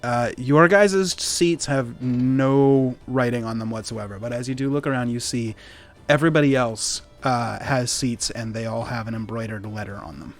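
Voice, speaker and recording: Relaxed male game master. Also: medium pitch, normal speed, soft background music. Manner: relaxed, many fillers. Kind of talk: narrating a tabletop game.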